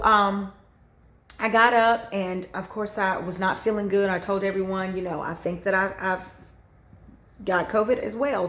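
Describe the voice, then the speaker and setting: A woman's voice: medium pitch, a bit bright, roomy sound. A woman, telling her family's story in casual, earnest vlog style, with many fillers and her own remembered thoughts quoted aloud. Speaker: homemaking vlogger, mother.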